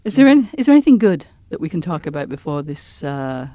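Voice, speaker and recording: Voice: mid-range voice, very animated, a little fast, dark tone. A podcast co-host in casual, agreeable chat about a TV drama, laughing easily.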